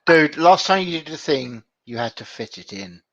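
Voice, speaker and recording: A man's voice: on the high side, sing-song, moderate pace, fairly bright tone, no echo, lo-fi sound. A man co-hosting a casual podcast, blunt and teasing with the others. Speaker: podcast co-host. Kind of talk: casual banter.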